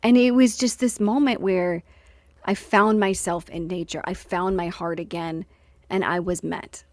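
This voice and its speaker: A woman podcast co-host telling a personal story in an earnest, animated way, full of "like" and "you know.". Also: lowish voice, unhurried, no echo.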